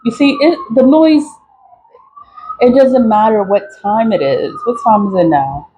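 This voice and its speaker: A woman's voice: on the high side, measured pace, phone-quality sound, a little hiss or hum. A woman selling spiritual products who chats casually to camera, rambling, repeating herself and laughing between phrases.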